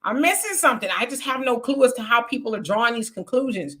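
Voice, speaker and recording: Woman, live-stream host, bright voice, casual chat, reads comments aloud. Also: a little high, lively intonation, fast talker. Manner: chatty, reads viewer comments aloud and answers them.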